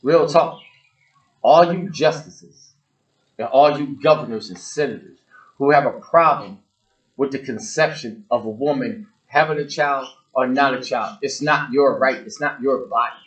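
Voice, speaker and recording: A man's voice: medium pitch, measured pace, dull audio. A man hosting his own show, delivering a blunt, emphatic rant straight at his listeners and hammering his points with repetition. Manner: preachy, addresses listeners directly. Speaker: show host. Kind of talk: ranting monologue to the audience.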